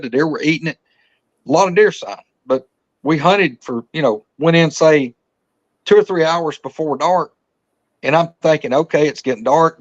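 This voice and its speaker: Telling a hunting tale on a podcast, this man has a fairly high pitch and a rambling, folksy way of talking, often starting his sentences over. The audio sounds dull.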